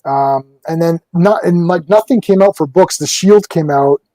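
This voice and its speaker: A man's voice: a little high, moderate pace, warm tone, no room sound, low-quality recording. A man hosting a casual pop culture chat, rambling and enthusiastic, laughing often. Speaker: podcast host.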